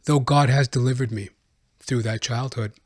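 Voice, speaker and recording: A man's voice: medium pitch, steady tone, moderate pace, dry recording. Man rambling through a casual podcast monologue. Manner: rambling, conversational, chuckling. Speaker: podcast host.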